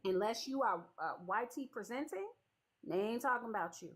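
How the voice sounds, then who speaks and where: Woman with a Southern-Midwestern Chicago-area accent, pitched a bit high, sassy and pointed host. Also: expressive, fairly quick, a bit bright, poor audio. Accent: Chicago-area mix of Southern and Midwestern. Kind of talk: casual debate.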